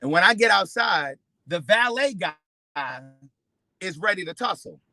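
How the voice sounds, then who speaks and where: A man with a high, very bright voice tells a story to his camera in an animated way, with plenty of profanity. He acts out the lines of each person in it. The sound is close and dry. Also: measured pace, creaky, no echo, rough recording. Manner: expressive, profane, acts out quotes with big swings in loudness. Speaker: vlogger.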